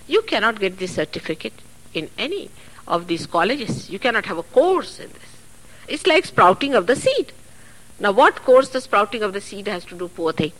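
A woman giving a spiritual talk at a public program, earnest and chatty, with asides and soft laughs, heard on an archive recording. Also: mid-range voice, big pitch swings, brisk, low-quality recording. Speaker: spiritual teacher. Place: public hall.

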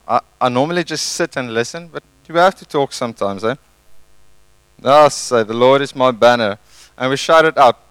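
Male pastor, chatty sermon style, lightly raised pitch, dry. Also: clear, resonant tone, dry recording, low-quality recording. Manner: conversational, animated, tag questions.

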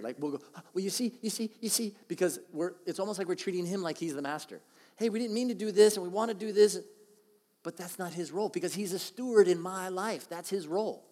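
A middle-aged man delivers a sermon in a relaxed, talky way, acting out the lines he quotes. His voice sits a little high for a man. Long reverb from the large hall trails behind each phrase. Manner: conversational preaching, acts out quotes with lively voice shifts. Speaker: pastor.

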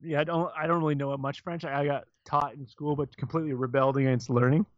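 A man from Canada co-hosting a podcast, chatting casually and crudely, laughing often and slipping into quick impressions. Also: on the high side, fairly even intonation, dry recording, lo-fi sound. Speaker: podcast co-host. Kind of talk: casual chat.

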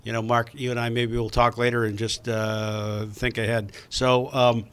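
A man's voice: medium pitch, flat delivery, normal speed, fairly bright tone, clean tone. A man hosting a casual talk show, chatty and rambling, with lots of fillers. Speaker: podcast host.

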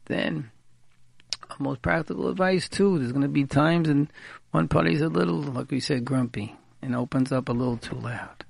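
Gravelly man giving practical advice. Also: on the high side, moderate pace, no room sound. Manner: repeats key words for emphasis; mixes in Hebrew and Yiddish terms. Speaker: radio speaker giving marriage advice. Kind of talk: informal advice talk.

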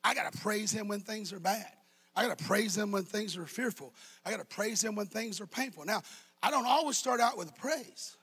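A male pastor preaching a sermon, shouting and slipping into a sing-song cadence. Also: high voice, a little fast, breathy edge.

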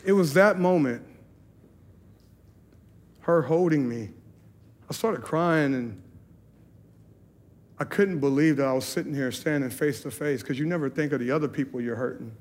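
Pastor, male, somewhat high voice, sincere personal testimony from the pulpit. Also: normal speed, pauses often, darkish tone. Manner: earnest, confessional storytelling. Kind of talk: sermon testimony. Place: church service.

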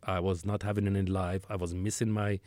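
A man's voice: sits low, level tone, brisk, darkish tone, no room sound, studio quality. A man in his sixties telling a long work story as an interview guest, rambling, with restarts and acted-out dialogue. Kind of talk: conversational storytelling.

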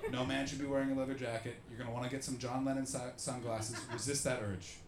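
A comedian telling jokey stories to a live audience and acting out the people in them. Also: male voice, mid-range voice, fast, echoey room, slight background noise. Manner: animated, jokey, acts out the people in his stories. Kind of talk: live podcast storytelling with an audience.

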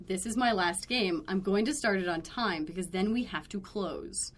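A woman in casual podcast chat tells a story with lively energy, acting out the people she quotes. Her voice sits at a middle pitch for a woman. Her asides come out blunt and dry. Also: normal speed. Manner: animated storyteller who acts out quoted lines. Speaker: podcast host telling a story.

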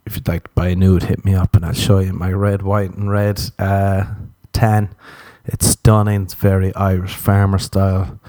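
Low, mellow-voiced man rambling through comic stories. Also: level tone, normal speed, few pauses, no room sound. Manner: profane, self-mocking, laughs often; loose storytelling with asides. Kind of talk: rambling comedic monologue.

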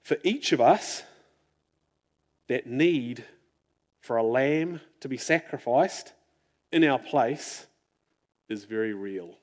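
A man preaching a sermon in an earnest, reflective way, often dropping his voice to a near-hush. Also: medium pitch, animated, slow pace, long pauses.

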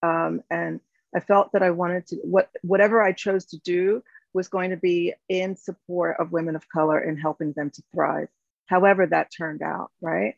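A woman's voice: on the low side, fairly even intonation, moderate pace, creaky, dry recording. A woman in her fifties from the United States, a company founder talking reflectively in an interview, with many fillers and restarts. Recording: dull, slightly lo-fi sound.

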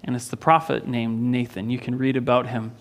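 A man's voice: mid-range voice, flat delivery, a little fast. A pastor preaching a sermon in a church, retelling a story earnestly and often repeating a word as he restarts a phrase.

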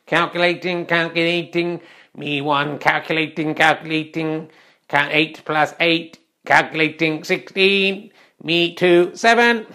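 A man voicing a male robot scorekeeper that keeps repeating "calculating" in a monotone. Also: a little high, a little slow. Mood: deadpan mechanical. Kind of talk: comic mock robot voice.

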